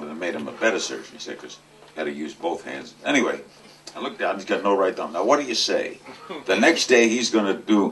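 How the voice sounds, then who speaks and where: Older New man telling jokes. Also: lowish voice. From New York. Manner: deadpan joke-teller with punchline timing. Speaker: guest speaker at a charity event. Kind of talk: comic anecdotal speech. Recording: distant mic with faint noise.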